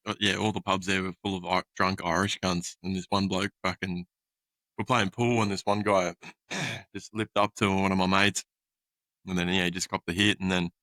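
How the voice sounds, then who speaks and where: Blunt, laid-back Australian podcast host. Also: male voice, low voice, bright, forceful tone, no room sound, rough recording. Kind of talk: casual podcast chat.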